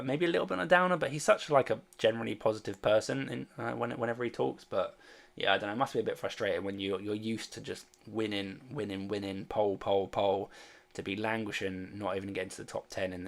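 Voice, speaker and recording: Male streamer, deep and gravelly; loose, hesitant, filler-heavy chat with viewers. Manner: rambling and hesitant, many fillers; reads and answers viewer chat. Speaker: fantasy sports streamer. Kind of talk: casual livestream chat.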